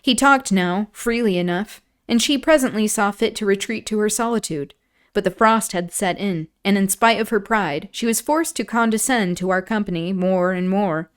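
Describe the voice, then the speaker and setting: A woman streamer reading a classic novel aloud, breaking off for relaxed, chatty asides. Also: medium pitch, moderate pace, clear, resonant tone. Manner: relaxed, chatty asides and laughter between passages.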